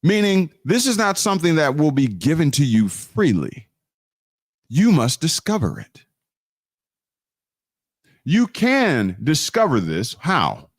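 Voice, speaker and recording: This host of a live online teaching stream has a voice on the high side, recorded at studio quality with no echo. He preaches on law and scripture with emphatic force, restarts frequently, and keeps hammering home key phrases.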